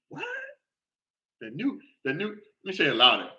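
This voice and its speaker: A man hosting a casual sports talk show, talking in an animated way, often repeating himself and asking "all right?". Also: mid-range voice, normal speed, lo-fi sound.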